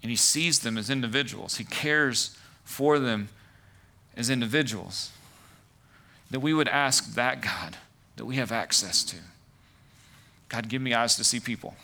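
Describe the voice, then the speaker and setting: Bright-voiced man preaching a sermon. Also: mid-range voice, unhurried, creaky, pauses often. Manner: conversational preaching with many "like" and "right" asides. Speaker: pastor.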